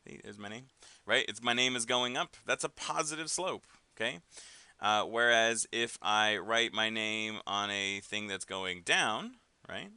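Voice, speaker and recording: A man's voice: lowish voice, measured pace, pushed and bright, clean tone, no echo. A man teaching an algebra lesson in a casual way, often checking in with "right?" and "okay?". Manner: casual, with frequent fillers and tag questions. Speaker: math teacher. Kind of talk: recorded classroom lesson.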